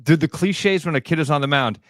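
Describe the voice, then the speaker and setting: A middle-aged man co-hosting a sports talk radio show, telling animated stories and laughing easily. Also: fairly high pitch, fairly quick, dry recording, clean studio sound. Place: radio studio.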